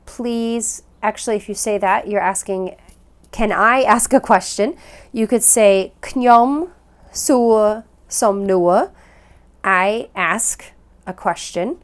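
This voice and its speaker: A woman teaching a recorded phonics lesson, her pitch sitting in an ordinary middle range. She talks patiently and repeats each word slowly so learners can follow along. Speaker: language teacher.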